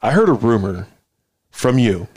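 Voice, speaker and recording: A man hosting a sports podcast in casual chat, prompting his co-host with questions and quick reactions. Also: mid-range voice, sing-song, a little mellow, breathy edge, dry recording.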